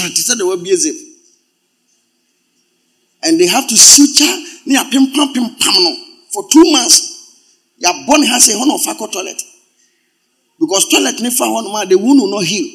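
A man preaching a sermon as pastor, swinging from loud exclamations to quiet asides. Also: sits high, slightly rough.

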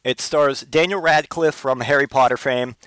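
A man's voice: mid-range voice, steady tone, moderate pace, fairly bright tone, clear, resonant tone, no room sound. A man with a mid-range voice hosts his own podcast, wandering from one comic story to the next with plenty of swearing. The sound is dry and close, with no room around it. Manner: rambling, profane, comic storytelling. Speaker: podcast host. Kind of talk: casual solo podcast chat.

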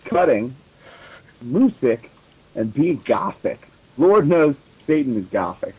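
Brief: male podcast guest, husky and animated, wry comedic reading. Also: mid-range voice, slow pace, poor audio. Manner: dry, wry asides between bursts of reading.

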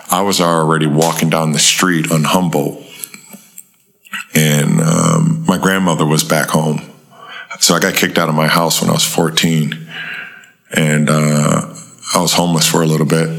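A man as an interview guest, telling a tense life story in a casual, animated way and acting out the voices of people he quotes. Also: creaky. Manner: animated storyteller, acts out quoted voices in a higher pitch, swears freely.

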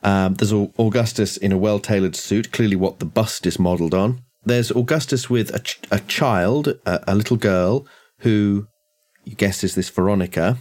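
A man narrating a tabletop horror game as game master, describing scenes in a relaxed way. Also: sits low.

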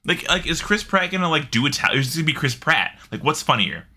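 A man co-hosting a casual gaming podcast, excitable, jokey and profane. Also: a little high, quick pace. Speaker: podcast co-host.

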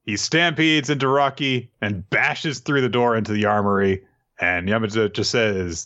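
A man co-hosting a podcast, retelling a chapter in a jokey, animated way. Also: fairly low pitch, moderate pace, dull audio. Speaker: podcast co-host recapping a manga chapter. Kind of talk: casual chat.

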